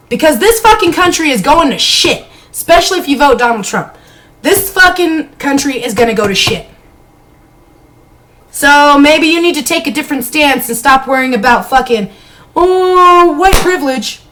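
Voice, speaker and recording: Heated high-voiced woman ranting. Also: fairly bright tone, poor audio. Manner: blunt and heated, heavy swearing. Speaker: live-stream vlogger. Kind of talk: unscripted live-stream rant. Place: bedroom.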